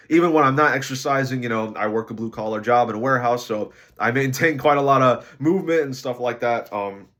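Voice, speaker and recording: A tired man records a casual diary vlog about his weight loss. He sounds drained from lack of sleep and rambles along with lots of fillers. His voice sits at an ordinary middle pitch. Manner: low-energy, rambling with many fillers.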